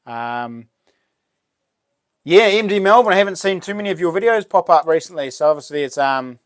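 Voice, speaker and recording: Kiwi guy chatting on his live stream, voice a bit high, dry close sound. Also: expressive, normal speed, dry recording. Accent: New Zealand. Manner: chatty, reads out and answers viewer messages. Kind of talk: casual live stream chat.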